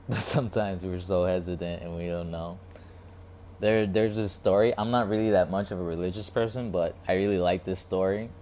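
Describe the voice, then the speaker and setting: A man with a very low voice muses in a casual, reflective vlog, halting and repeating himself as he searches for words. A faint noise hums behind him. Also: a little mellow. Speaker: vlogger.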